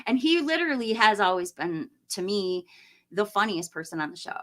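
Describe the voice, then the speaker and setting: A woman's voice: mid-range voice, big pitch swings, normal speed. A woman hosting a live stream, chatting casually with viewers, tired after hours of talking, laughing often and rambling. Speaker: livestream host. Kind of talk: casual live chat reading viewer comments.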